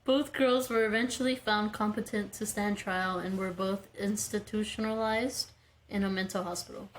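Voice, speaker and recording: A woman's voice: medium pitch, fairly even intonation, normal speed, a little hiss or hum, rough recording. Casual woman co-host reading a case. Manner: reads notes with joking asides. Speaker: podcast co-host. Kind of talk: casual chat, reading out a true-crime case.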